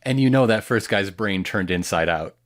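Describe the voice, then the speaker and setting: A man's voice: on the low side, lively intonation, moderate pace. A man co-hosting a podcast, recapping episodes in a rambling, joking casual chat. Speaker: podcast co-host.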